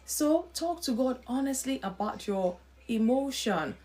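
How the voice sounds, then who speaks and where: A woman's voice: sits high, lively intonation, a little slow, mellow. A woman hosting a live stream, giving an earnest faith-based talk. She repeats her points, asks rhetorical questions and greets viewers by name as she goes.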